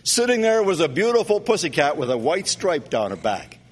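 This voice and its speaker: Loud, animated man preaching in a hall. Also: on the high side, moderate pace, slight background noise. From Canada. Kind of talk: sermon. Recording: long reverb of a hall.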